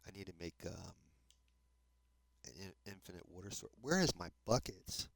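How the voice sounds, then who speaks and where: A man's voice: low-pitched, expressive, moderate pace, creaky. A man in his fifties from New Jersey with a New Jersey accent, chatting casually and chuckling as he plays and talks to his viewers. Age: 50s. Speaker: let's play host. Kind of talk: casual gameplay commentary. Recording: mouse and keyboard clicks audible.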